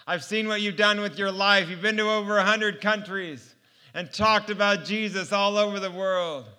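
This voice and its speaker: A stocky, strong male physical therapist, put on by a man telling the story, speaks in firm, encouraging promises. His voice sits fairly high and rings very bright. The tone stays smooth and clear. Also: steady tone, normal speed. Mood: earnest.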